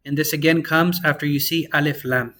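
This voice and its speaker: A young man teaching an Arabic class in a casual, slangy way, slowing down to sound out each word. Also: on the high side. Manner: relaxed, slangy, slows down to sound out words.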